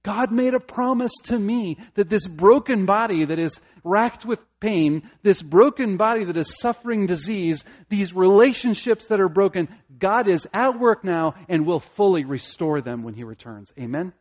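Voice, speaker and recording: A middle-aged man preaching a sermon, earnest and emphatic, rising to passionate peaks and dropping to soft, intimate asides. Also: sits high, animated, normal speed, few pauses, highs cut off. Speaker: pastor.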